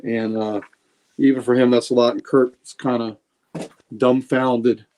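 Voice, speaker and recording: A man's voice: medium pitch, level tone, unhurried, darkish tone. A man co-hosting a casual podcast, retelling comic scenes with many restarts and fillers. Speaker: podcast co-host.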